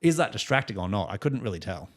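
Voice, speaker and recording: A man's voice: fairly low pitch, big pitch swings, fast. A young Australian man co-hosting a music podcast, telling stories in a rambling, chuckling, casual way. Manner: rambling storyteller, chuckles often. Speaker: podcast co-host. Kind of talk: casual chat.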